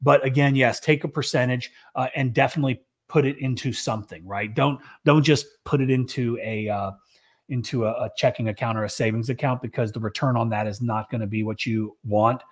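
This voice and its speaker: A man's voice: medium pitch, fairly even intonation, brisk. A middle-aged man, a business owner, chatting casually on a show and rambling with lots of restarts and fillers. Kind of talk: casual chat.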